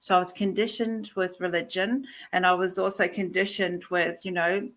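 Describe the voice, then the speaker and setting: A middle-aged woman with a New Zealand accent, a guest chatting openly and warmly on a video call. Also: on the low side, flat delivery, moderate pace. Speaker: guest, coach. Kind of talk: casual interview chat.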